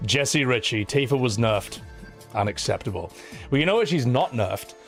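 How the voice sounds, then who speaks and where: A man's voice: mid-range voice, normal speed, soft background music. A man chatting casually on a live stream, reading out viewer messages and answering them with sarcastic, swearing rants. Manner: animated, sarcastic, swears, says "man" a lot. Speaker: streamer reading super chats.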